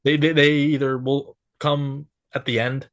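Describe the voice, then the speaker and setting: A man appearing as a guest on a movie podcast, speaking in a halting way and restarting his sentences often. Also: medium pitch, level tone, no room sound, studio quality. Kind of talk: casual movie chat.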